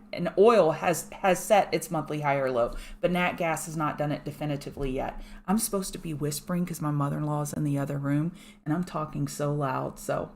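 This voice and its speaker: A woman giving fast, chatty live chart commentary from home and thanking viewers by name. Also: fairly low pitch. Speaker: market analyst host. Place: home room.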